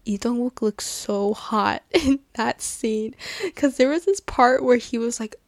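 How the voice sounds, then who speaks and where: A woman hosting a casual solo podcast, talking in an excitable, gushing, chatty way at a table indoors, with lots of laughs and fillers. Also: fairly high pitch, normal speed, no echo, studio quality. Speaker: podcast host.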